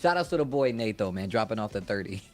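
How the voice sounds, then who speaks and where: A man on a fighting game stream giving excited, slangy shout-outs to donors. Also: fairly low pitch, fast, faint music behind. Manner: hyped, casual slang, gives shout-outs. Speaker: commentator. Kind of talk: esports commentary.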